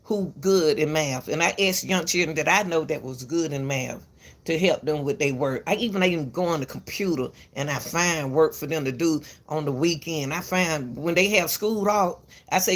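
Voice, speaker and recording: A woman's voice: deep voice, normal speed. A woman giving casual commentary to the camera, emphatic and repetitive, lecturing parents and calling viewers "baby", often stumbling and restarting her words. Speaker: commentary channel host.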